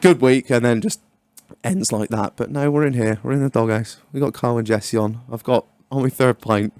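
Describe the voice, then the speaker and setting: A young man hosting a podcast in casual chat, a lively, sweary storyteller who acts out his own lines. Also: mid-range voice, normal speed, clean tone. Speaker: podcast host.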